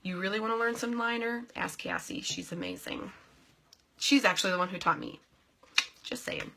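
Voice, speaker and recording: Young woman, bright voice, goofy and chatty, a live vlogger who calls out viewers by name. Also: medium pitch, big pitch swings, moderate pace, vocal fry. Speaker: vlogger and direct sales team leader. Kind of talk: casual live video chat.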